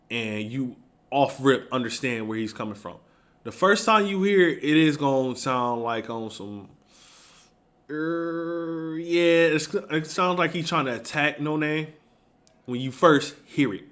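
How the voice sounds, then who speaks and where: A man's voice: mid-range voice, a bit bright. A man giving a heated, emphatic opinion rant to camera, repeating his points for emphasis. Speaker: commentary vlogger.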